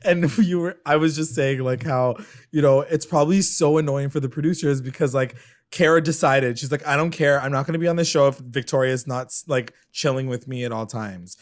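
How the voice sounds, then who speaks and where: A man co-hosting a podcast, chatting casually and laughing often while he recaps a reality show with quick, dramatic retellings. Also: medium pitch. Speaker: podcast co-host.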